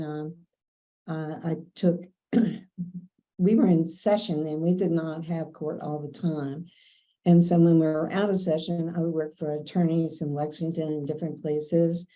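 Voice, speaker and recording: Older Kentucky woman, low and very mellow voice, chatty anecdotal storyteller. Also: poor audio. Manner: chatty, anecdotal, quotes others in dialogue. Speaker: interviewee. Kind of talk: casual storytelling.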